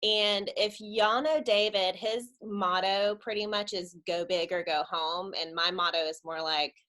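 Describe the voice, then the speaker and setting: A woman's voice: medium pitch, steady tone, a little slow, bright, forceful tone. A woman, giving a chatty personal testimony at a church webinar and laughing often as she tells it.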